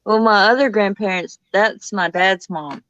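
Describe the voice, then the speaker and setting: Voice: mid-range voice, unhurried, fairly bright tone, no room sound, lo-fi sound. A speaker in a casual chat, telling family anecdotes with relish. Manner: chatty, tells anecdotes with relish.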